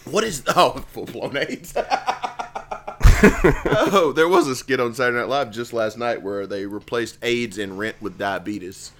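A man co-hosting a casual comedy podcast, joking and laughing often as he chats. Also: unhurried. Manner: joking, laughs often, lively swings in pitch. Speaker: podcast co-host.

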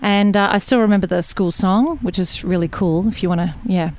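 An Australian woman appears as a guest in a casual chat, telling rambling stories from her country childhood and laughing often. She has a mid-range, darkish voice and speaks briskly.

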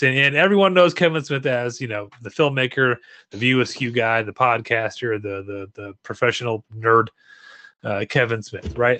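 A man's voice: mid-range voice, sharp tone, no echo. A man co-hosting a podcast, chatting enthusiastically and casually about a convention. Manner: enthusiastic, chatty, many restarts. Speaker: podcast co-host. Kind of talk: casual chat.

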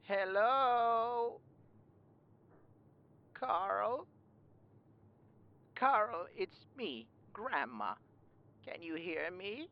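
A woman's voice: mid-range voice, lively intonation, very slow, pauses often, dull audio. A woman voicing a confused old grandmother who can't work her phone. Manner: fussy, bewildered.

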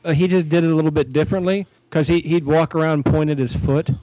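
A man's voice: fairly high pitch, fairly even intonation, quick pace, dark tone, no echo, poor audio. A man co-hosting a podcast, recalling things in a rambling, chuckling way during casual chat. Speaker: podcast co-host.

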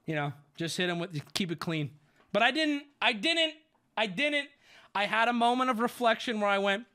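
Male streamer, casual sarcastic commentary, bright voice with a lively, swooping delivery. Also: high-pitched, fairly quick. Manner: animated, profane, sarcastic storytelling.

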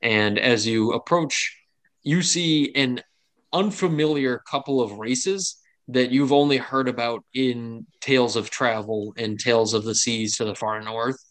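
A man's voice: medium pitch, unhurried, fairly bright tone. A man narrating a tabletop game as game master, casual and rambling.

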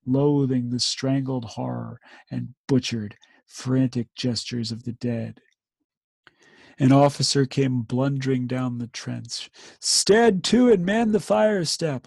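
A man reading war poetry aloud with slow, measured emphasis, then discussing it casually as a podcast co-host. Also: mid-range voice, creaky, a little mellow, no echo.

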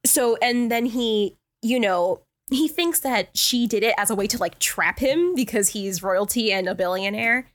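A woman co-hosting a podcast, chatting casually and reading novel excerpts, animated, exasperated and swearing freely. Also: fairly high pitch, normal speed, hardly any pauses. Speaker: podcast co-host. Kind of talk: casual book-club chat.

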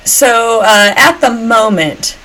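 A woman's voice: a little high, takes it slowly, pushed and bright, rough recording. A woman from Georgia, a podcast guest chatting casually with lots of fillers. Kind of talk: casual chat.

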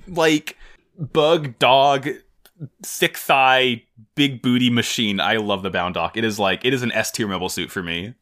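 A man's voice: medium pitch, measured pace. A man co-hosting a podcast, chatting casually with lots of laughter and playful enthusiasm. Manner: animated, laughing, jokey fan enthusiasm. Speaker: podcast co-host. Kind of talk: casual chat.

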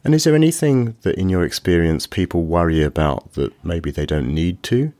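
A podcast host asking measured, reflective questions and offering brief murmurs of agreement. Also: low voice, animated, warm tone, dry recording, studio quality. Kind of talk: interviewing.

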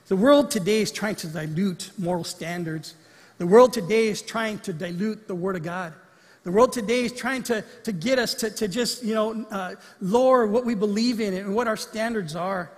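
A pastor with a high, husky voice preaches a sermon conversationally, weaving in acted-out quotes. His words ring through a church sanctuary with the long reverb of a large hall.

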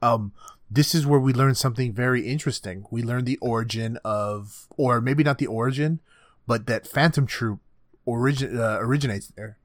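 A man's voice: medium pitch, moderate pace, no room sound, studio quality. A young man co-hosting an anime podcast, chatting casually, swearing a lot and acting out scenes in silly voices. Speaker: podcast co-host. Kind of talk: casual chat. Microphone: budget gaming headset.

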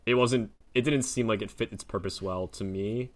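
A man's voice: fairly low pitch, moderate pace. A man co-hosting a podcast, chatting casually and eagerly about games. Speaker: podcast co-host. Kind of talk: casual chat.

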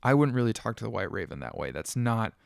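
A man's voice: lowish voice, very animated, gravelly, no room sound, studio quality, full character voice. A man voicing a bold, defiant young woman with magic powers in a spoken story. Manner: defiant, quick.

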